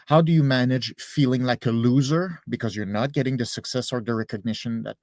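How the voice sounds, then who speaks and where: A man's voice: mid-range voice, brisk, darkish tone, no room sound, studio quality. A man interviewing a comedian, asking long questions with many hesitations and restarts. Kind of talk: casual interview chat.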